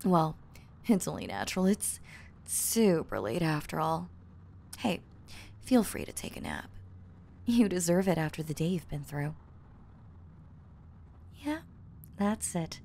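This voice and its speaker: A young woman playing an obsessive girl who has kidnapped her crush, giggling, teasing and dropping into soft whispers, in an audio role-play. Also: on the low side, creaky, slight background noise, heavily acted. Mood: soothing. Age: young adult. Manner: breaks off to fix her own lines. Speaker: voice actress.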